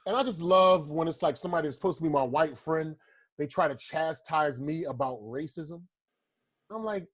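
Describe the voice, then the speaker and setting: A husky-voiced American man riffing loosely on a podcast, profane and rambling. His voice sits a little high for a man, and he jumps into mocking voices when he tells a bit. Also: normal speed. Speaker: podcast co-host, comedian. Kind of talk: casual podcast banter.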